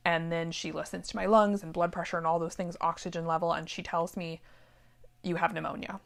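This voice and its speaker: A middle-aged woman who teaches sewing, telling a personal story in a chatty, animated way with many asides. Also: lowish voice, brisk, creaky. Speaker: sewing teacher and shop owner. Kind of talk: casual storytelling vlog. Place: warehouse room.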